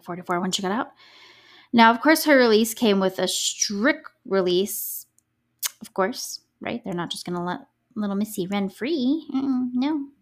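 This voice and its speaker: Chatty woman hosting a true crime podcast. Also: mid-range voice. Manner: chatty, reactive, sarcastic asides with laughs. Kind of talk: casual solo podcast chat.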